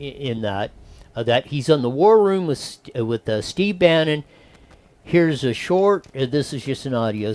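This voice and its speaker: A man hosting a talk radio show, giving opinionated commentary in a rambling way with many restarts and acted-out quotes. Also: mid-range voice. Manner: animated, wandering, with frequent restarts and acted-out quotes.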